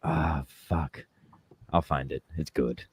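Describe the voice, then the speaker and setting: A man in casual podcast banter, relaxed and wry, swearing freely. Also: a bass voice, takes it slowly, slightly rough, no echo. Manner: laid-back, swearing, wry. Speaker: podcast co-host.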